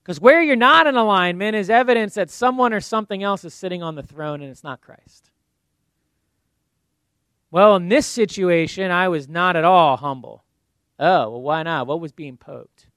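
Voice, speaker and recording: A man's voice: on the high side, fairly bright tone, no room sound. A man preaching a sermon in a conversational way, acting out little asides and ending in prayer. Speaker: pastor.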